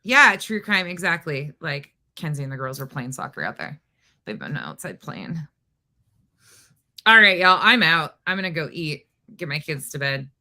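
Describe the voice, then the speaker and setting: A woman hosts a casual livestream from home, her voice bright and forward, set a little lower than most. She rambles in an exasperated way, trips over herself and keeps restarting her sentences. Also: animated, normal speed. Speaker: livestream host.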